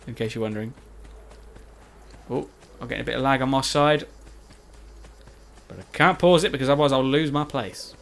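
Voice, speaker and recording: A man's voice: mid-range voice, fairly quick, creaky, long pauses, fairly bright tone. A man giving chatty, rambling commentary over his own recorded gameplay, joking at his own expense. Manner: chatty, rambling, self-mocking. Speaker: Let's Play commentator.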